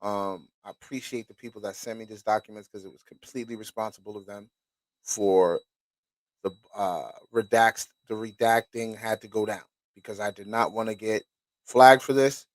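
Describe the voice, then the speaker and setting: A man's voice: fairly low pitch, dry recording, poor audio. A man hosting a podcast, talking casually and bluntly with profanity and asides to his listeners while reading a document aloud. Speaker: podcast host.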